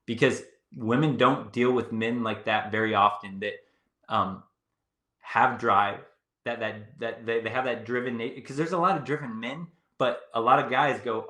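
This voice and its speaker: A man's voice: on the low side, normal speed, sharp tone, reverberant. A young adult man giving casual dating advice in a confident, breezy, repetitive way. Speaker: dating coach. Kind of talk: casual coaching chat.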